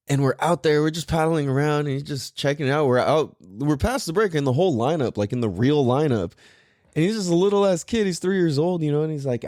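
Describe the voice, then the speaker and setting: A man's voice: mid-range voice, a little mellow, no room sound, clean studio sound. A young man hosting a podcast in a casual monologue, full of surfer slang, swearing and "like" and "dude". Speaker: podcast host.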